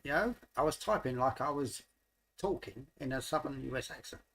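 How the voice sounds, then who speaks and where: A man's voice: medium pitch, lively intonation, moderate pace, a bit bright, slight background noise. A middle-aged man from London with a London accent, chatting casually on a livestream and rambling with lots of fillers. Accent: London English. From London, England. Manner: rambling, hesitant with many fillers. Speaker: livestream host. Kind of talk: casual chat.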